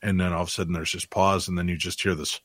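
A man, a paranormal investigator, telling funny stories in casual talk and jumping high when he quotes others. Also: dry recording. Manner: animated storyteller, jumps high for quoted voices.

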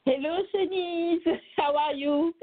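A woman's voice: very high voice, fairly even intonation, takes it slowly. A woman from Senegal, a native French speaker, answers interview questions in English. She hesitates often, with many ums and repeated words. She sounds thin and tinny, like a phone line. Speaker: guest. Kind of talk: podcast interview.

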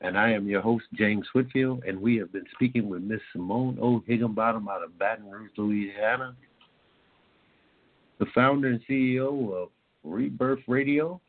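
A man's voice: fairly low pitch, normal speed. A man from Indiana hosting a talk-radio show in a casual, rambling way, full of fillers. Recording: tinny phone-line sound.

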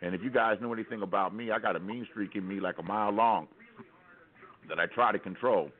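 A man's voice: fairly low pitch, a little fast. An American man telling a rambling, wry story as a caller on a call-in radio show, with many restarts. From United States. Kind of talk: casual storytelling on talk radio. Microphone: telephone. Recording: tinny phone line.

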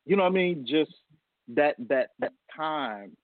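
A man's voice: on the high side, lively intonation, a little slow, dry recording. A man guest on a casual radio interview, telling a heartfelt story about being a father and laughing often. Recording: tinny phone line, dry.

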